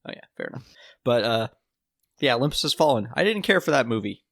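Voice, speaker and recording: A man's voice: mid-range voice, big pitch swings, fast, creaky, no echo. A tired man co-hosting a podcast in laid-back, rambling chat over a voice chat app. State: tired from little sleep. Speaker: podcast co-host. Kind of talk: casual chat. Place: home, talking over an online voice call. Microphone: computer mic on a voice chat app.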